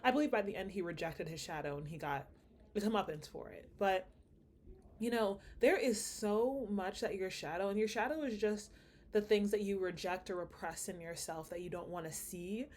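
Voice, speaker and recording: A woman's voice: medium pitch, normal speed, a little mellow. A woman with a slight Nigerian accent, vlogging in a casual, rambling way, thinking aloud with many fillers. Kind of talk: casual reflective monologue.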